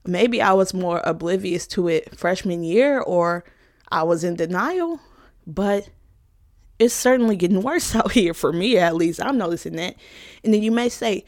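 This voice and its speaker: A woman's voice: medium pitch, expressive, unhurried. Frank young woman venting on camera. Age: 20s. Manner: frank and emotional, casual with profanity. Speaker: college student vlogger. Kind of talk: candid personal vlog talk.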